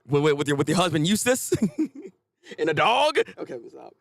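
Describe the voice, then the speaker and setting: A man with a high, lively voice chats through a live reaction, jumping up and down in pitch as he talks. He stammers and restarts often, and the sound is dry and close. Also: gravelly, dry recording. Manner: chatty, animated, stammering restarts. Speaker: manga reaction host.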